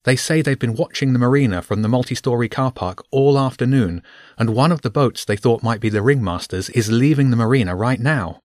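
A man voicing an excited young boy in a storybook, passing on news quickly. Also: medium pitch, no room sound, studio quality, lightly acted. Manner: quick, breathless reporting.

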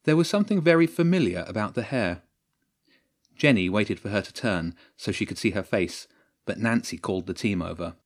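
A man reading a story aloud as narrator, at a measured, steady pace. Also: on the low side. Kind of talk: audiobook narration.

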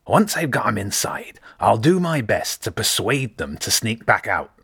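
A man reading an audiobook, voicing a smooth and confident male rat mercenary leader with a persuasive, assured manner. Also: on the low side, sing-song, unhurried, fairly bright tone, no room sound, clean studio sound, full character voice. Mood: scheming.

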